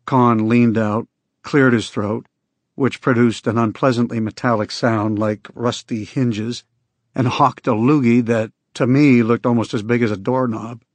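A man reading scripted first-person narration in an even, unhurried storytelling manner. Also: mid-range voice, no room sound. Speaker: audiobook narrator.

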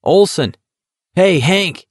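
A man's voice: medium pitch, expressive, unhurried, darkish tone, no room sound, studio quality, lightly acted. Man doing a sardonic, teasing young man. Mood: mocking. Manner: mocking, playful, needling.

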